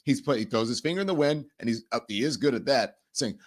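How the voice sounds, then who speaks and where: A man hosting a political commentary show, incredulous and animated, often laughing between remarks. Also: mid-range voice, quick pace. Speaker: host.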